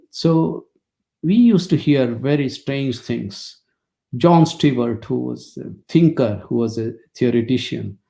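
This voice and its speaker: A man's voice: medium pitch, vocal fry, warm tone. A middle-aged man, telling anecdotes in a lecture with wry asides and frequent fillers. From India. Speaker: immunology lecturer. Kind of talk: storytelling webinar lecture.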